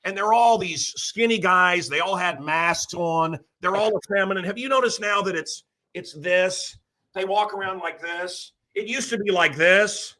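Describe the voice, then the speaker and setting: A man's voice: high voice, a little slow, pushed and bright. A middle-aged man hosting a show, rambling through opinionated stories and acting out the voices of people he quotes. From Chicago area. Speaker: radio host. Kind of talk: casual opinionated monologue.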